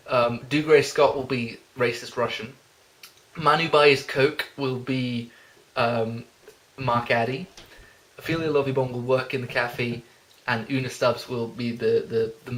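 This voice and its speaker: Young male vlogger, mid-pitched, giggly and rambling, deadpan asides. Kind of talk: jokey self-introduction reading.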